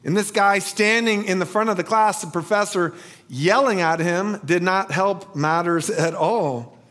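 A male pastor delivering a sermon with a fairly high voice. He tells stories at a slow, deliberate pace and leans on rhetorical questions. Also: a bit bright.

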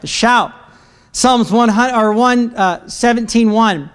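High-voiced man preaching with shouts. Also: takes it slowly, clear, resonant tone. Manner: energetic, bursts into shouting praise; joking with the congregation. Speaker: pastor. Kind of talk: sermon. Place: church sanctuary.

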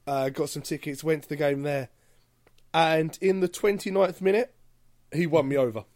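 A man with a slightly high voice recounts his experiences in a relaxed, conversational way, dropping easy fillers. The sound is close and dry, with no room around it. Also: normal speed, no room sound. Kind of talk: casual chat.

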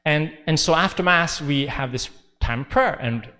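A man's voice: fairly high pitch, moderate pace, bright, forceful tone, in a large hall. A male priest giving a conversational homily, informal and chatty with many fillers and playful asides. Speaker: Catholic priest. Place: church.

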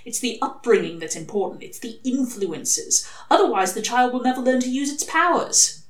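A woman's voice: a little high, expressive, pitched above the performer's own voice, close to an everyday voice. A woman voicing a sly male demon who presses his arguments urgently. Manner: pushy, fast-pressing arguments. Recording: echoey room.

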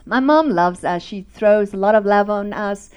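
A middle-aged woman, telling a fervent church testimony in an animated, storytelling way. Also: medium pitch, moderate pace, smooth. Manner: animated storytelling, laughing, acting out voices; fervent, preaching. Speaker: speaker giving a testimony.

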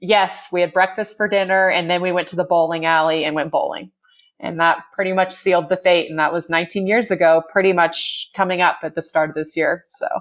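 A woman's voice: on the low side, steady tone, brisk. An American woman in her forties telling a story in a casual chat, laughing often and peppering her talk with "like". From United States. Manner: chatty, laughs often, fills with "like". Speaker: guest.

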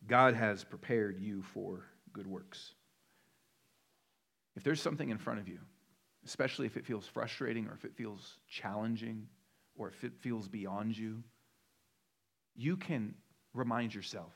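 A man's voice: lowish voice, unhurried, creaky, long pauses, a bit bright. A middle-aged man, a pastor, preaching a sermon in a conversational way, joking with the crowd and building to emphatic repeated lists.

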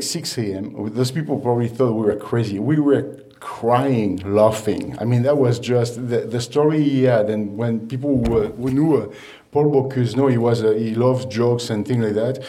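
A chef and restaurant owner giving an informal talk to an audience, halting with many fillers and restarts. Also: male voice, mid-range voice, mellow. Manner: storytelling, laughs at own anecdotes.

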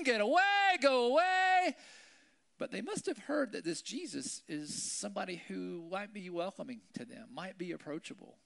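A man giving a relaxed Bible lesson, chatting with listeners through rhetorical questions and now and then shouting out quotes with drama. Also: sits high, gravelly. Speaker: preacher. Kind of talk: Bible teaching, conversational sermon.

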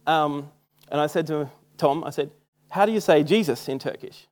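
A man's voice: on the high side, normal speed. A young Australian man preaching a sermon in a casual, self-mocking storytelling way. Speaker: church speaker. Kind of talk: sermon with personal stories.

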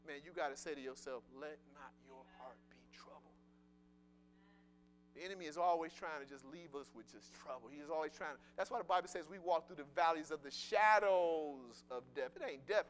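A man giving a sermon with personal testimony, conversational and emphatic, repeating words and swinging from loud declarations to soft murmurs. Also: a little high, a little hiss or hum.

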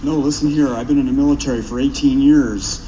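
A man's voice: mid-range voice, fairly even intonation, fairly quick, noisy background, close to an everyday voice. An actor playing a boastful, middle-aged army veteran who brags about his hard military training. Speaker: military veteran testing for a black belt. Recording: dull distant film clip audio.

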